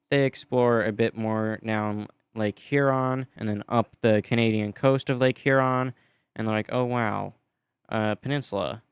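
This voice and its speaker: A man giving casual, offhand voice-over narration, chatty and loose with frequent fillers and deadpan asides. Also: medium pitch, smooth, no echo. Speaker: map video creator narrating.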